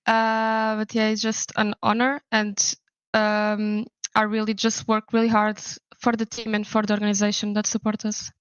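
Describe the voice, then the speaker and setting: Monotone young woman on dull audio. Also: medium pitch, moderate pace, clear, resonant tone, no echo. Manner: humble, grateful, hesitant fillers. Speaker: esports player. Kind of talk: post-match interview.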